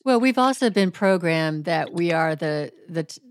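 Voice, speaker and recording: Woman, podcast host, lower voice, dry close sound, halting and thoughtful. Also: animated, clear, resonant tone, no room sound. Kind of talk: conversational interview.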